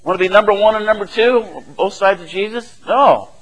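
A man's voice: sits high, moderate pace, rough recording. A man preaching a sermon in a conversational way, often asking "right?" and chuckling as he explains the passage.

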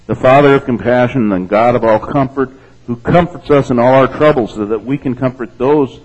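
Low-voiced man preaching a conversational sermon. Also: a little mellow, low-quality recording. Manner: conversational, checks in with "okay?". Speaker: pastor.

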